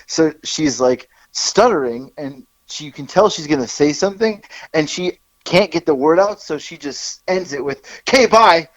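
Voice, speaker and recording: Male podcast co-host, animated storyteller, a bit high, slightly dull lo-fi audio. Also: moderate pace, few pauses, no echo. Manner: animated, laughs while telling stories. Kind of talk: casual chat.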